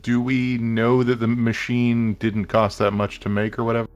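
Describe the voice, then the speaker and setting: A man's voice: medium pitch, completely flat delivery, normal speed, soft background music. A man co-hosting a game playthrough, asking skeptical questions in casual chat. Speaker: let's play co-host. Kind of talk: casual let's play discussion.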